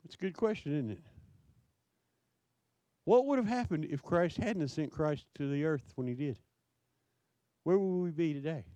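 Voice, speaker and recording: A man preaching a sermon, asking his listeners question after question in a slow, emphatic way. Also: on the high side, expressive, warm tone, no echo. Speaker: pastor.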